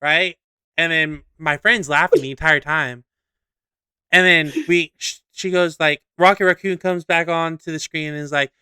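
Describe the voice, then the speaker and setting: A young man co-hosting a podcast, telling a story in a lively, casual way, swearing freely and acting out scenes. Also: on the high side, normal speed, smooth, no room sound. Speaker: podcast co-host.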